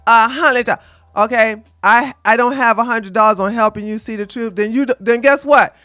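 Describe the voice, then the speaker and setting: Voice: medium pitch, normal speed, sharp tone, dry recording. A live-stream dating advice host talking to the chat, brash and scolding, trash-talking with bursts of laughter and repeating phrases for emphasis.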